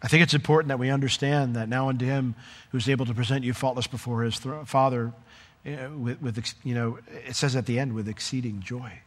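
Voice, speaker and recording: A man preaching a sermon in a conversational, animated way, with asides to the congregation. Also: mid-range voice, a little fast, in a large hall. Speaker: pastor.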